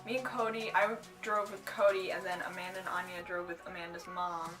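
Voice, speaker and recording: A woman's voice: fairly low pitch, brisk, over music. A young woman vlogger telling a casual story, rambling with lots of "like" and "um" and breaking into giggles. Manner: rambling, full of "like" and "um"; giggly, bursts into excited squeals. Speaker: cosplay vlogger.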